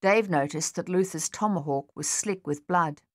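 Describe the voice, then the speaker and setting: This woman's audiobook narration is scripted and delivered with measured steadiness. Her pitch is fairly low.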